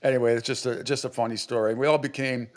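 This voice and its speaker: A middle-aged New England sports radio host tells a casual, rambling story, restarting often and acting out quotes. His mid-range voice stays level in tone, and he talks quickly.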